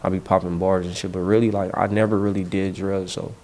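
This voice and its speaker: Gravelly young man telling street stories. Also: deep voice, quick pace. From Los Angeles. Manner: slangy, rambling, animated street storytelling. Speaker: rapper, interview guest. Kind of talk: casual storytelling in an interview.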